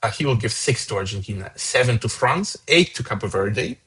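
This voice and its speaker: A man's voice: fairly low pitch, lively intonation, fairly quick, a bit bright, slightly rough, rough recording. A man hosting a fan song contest, casually reading out each voter's points with chatty asides. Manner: casual, chatty, upbeat about scores. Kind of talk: live commentary reading out votes.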